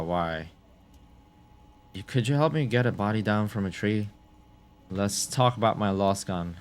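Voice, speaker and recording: A man doing let's-play commentary, excitable and reading his options aloud. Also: lowish voice, measured pace, pauses often, clean tone. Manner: excitable, reads choices aloud. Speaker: gameplay streamer.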